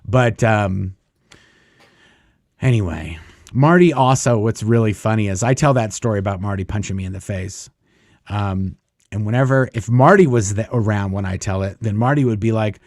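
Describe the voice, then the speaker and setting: A man's voice: fairly low pitch, moderate pace, a little mellow, dry recording, studio quality. A man telling a long personal story in a casual, rambling way, full of fillers, acting out what others said. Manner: rambling, many fillers, acts out quoted lines. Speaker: guest storyteller.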